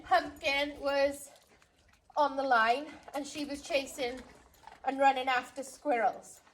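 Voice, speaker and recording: A woman dog trainer explaining recall step by step, stopping now and then to call and praise her dogs. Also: high voice. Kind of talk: outdoor training demonstration.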